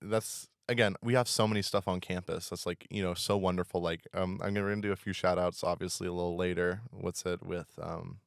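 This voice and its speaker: Young guy rambling on a campus podcast, super deep gravelly voice, lots of likes and ums. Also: steady tone, brisk, hardly any pauses, no room sound, studio quality. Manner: chatty, laughs often, rambling with fillers. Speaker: podcast co-host; campus equity and inclusion worker. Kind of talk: casual chat.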